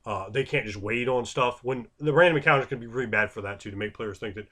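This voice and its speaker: A man talking casually as a game master giving advice, animated and loose, with sound-effect words. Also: mid-range voice. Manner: animated and conversational, acts out quick voices for players. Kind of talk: casual unscripted advice monologue.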